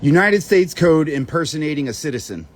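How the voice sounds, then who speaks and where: Distracted man muttering with lively pitch. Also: fairly quick, husky. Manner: distracted, muttering and cursing while searching documents. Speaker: channel host. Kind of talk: rambling screen-share monologue.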